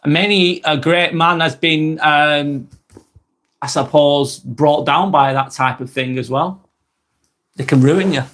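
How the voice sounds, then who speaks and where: A broad, strong man in his thirties speaks slowly on a casual live stream, reading viewer comments aloud. Blunt and chatty, he swears freely and keeps repeating phrases, his fairly bright voice pitched a little higher than most men's.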